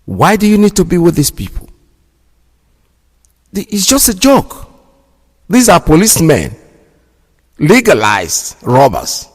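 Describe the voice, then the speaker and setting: A man's voice: fairly high pitch, huge pitch swings, measured pace, pauses often, husky. A man hosting a radio show, giving indignant, preachy commentary and repeating himself for emphasis. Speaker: radio host. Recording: long hall reverb.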